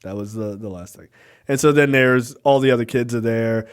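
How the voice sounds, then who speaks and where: A man's voice: mid-range voice, moderate pace, smooth. Laid-back cursing podcast host, male. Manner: profane, laid-back storytelling. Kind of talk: casual movie review chat.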